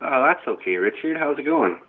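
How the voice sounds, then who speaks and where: A man's voice: fairly high pitch, expressive, fairly quick, narrow, tinny audio. A man calling in to a show, talking in a laid-back, hesitant way. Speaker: caller. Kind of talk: casual phone chat.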